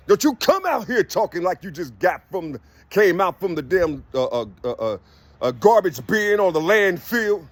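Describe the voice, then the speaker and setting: A man's voice: high-pitched, very animated, normal speed, dry recording. A man giving a loose spiritual monologue, preachy and slangy, with "you see" in nearly every line.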